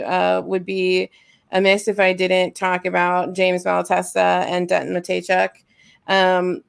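A woman's voice: lowish voice, gravelly, smooth. A woman co-hosting a podcast, chatting with gushing enthusiasm. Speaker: podcast co-host. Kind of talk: casual chat.

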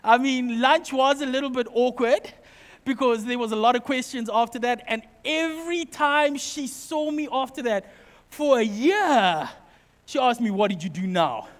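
A very high-pitched man preaches in a big hall with a long, ringing reverb. He tells stories from his own family, acting out the voices with lively asides and jokes. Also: a little slow. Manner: animated, acts out family quotes, jokey asides. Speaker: pastor. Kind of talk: sermon with personal storytelling.

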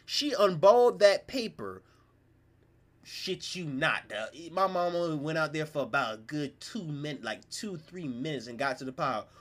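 A young man with a Southern US accent, host of a podcast, telling a story in casual, animated, slang-heavy chat. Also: a little high, moderate pace. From South Carolina, US.

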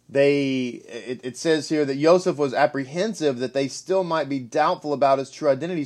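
A man giving an emphatic, animated Bible teaching, often repeating himself for stress. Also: mid-range voice. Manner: emphatic, repetitive, animated delivery.

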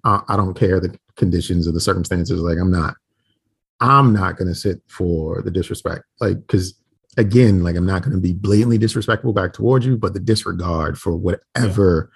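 A man's voice: sits low, moderate pace, creaky, slightly rough, no echo. A man in his forties chatting casually as a podcast co-host, blunt and profane, acting out quoted voices in his stories. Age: 40s. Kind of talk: casual chat.

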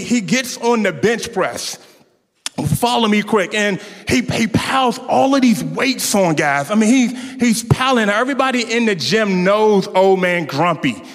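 A man preaching a sermon, telling a lively story to his congregation and calling out to them, with many stammering restarts. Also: high-pitched. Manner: animated storytelling, calls out to the congregation. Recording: long reverb of a large hall.

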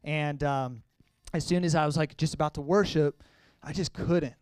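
A young man sharing a personal testimony with a congregation, talking earnestly and conversationally, sometimes halting with emotion. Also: fairly high pitch, steady tone, smooth, no echo. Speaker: church speaker sharing testimony.

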